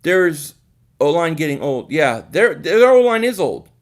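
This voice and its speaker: A man's voice: a little high, big pitch swings, a little slow. A man hosting a live sports stream, reading viewer comments and chatting casually, often repeating words as he thinks aloud.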